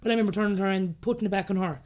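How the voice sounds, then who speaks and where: A woman in her thirties with an Irish accent who talks very fast. She tells her story in a lively, candid way and slips into the voices of the people she quotes. Her voice sits in a middle range. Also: medium pitch. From Ireland. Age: 30s. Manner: rapid, animated, acts out quoted dialogue. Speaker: podcast guest.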